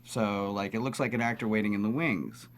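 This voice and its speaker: A man, a casting director, chatting as a guest in a talk show studio, animated and joking, often restarting with fillers. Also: lowish voice, a little fast, slight background noise. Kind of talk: casual interview chat.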